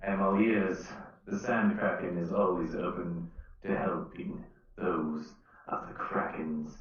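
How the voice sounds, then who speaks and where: A man's voice: low voice, flat delivery, slow pace. A man playing a solemn desert ship captain, speaking in formal, old-fashioned phrases. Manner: formal, archaic in-character speech. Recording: roomy, distant, dull lo-fi mic.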